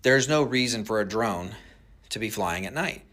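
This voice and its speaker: A man's voice: fairly low pitch, animated, moderate pace, fairly bright tone. A man who works with drones explaining their uses in an interview clip, plainspoken with frequent hesitations. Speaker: drone industry expert.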